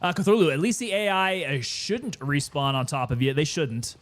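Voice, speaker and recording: A man with a slightly higher-than-usual voice gives loose, chatty commentary as he plays. He talks easily to his viewers, now and then short of breath. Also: moderate pace. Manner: relaxed, chatty, sometimes winded. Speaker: gaming streamer. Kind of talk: casual gameplay commentary.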